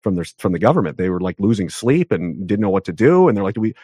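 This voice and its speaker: A man talking as an interview guest, ranting emphatically, with his pitch jumping up sharply on the points he stresses. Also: very animated, fast, dark tone, breathy edge, dry recording, studio quality. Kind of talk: heated conversational interview.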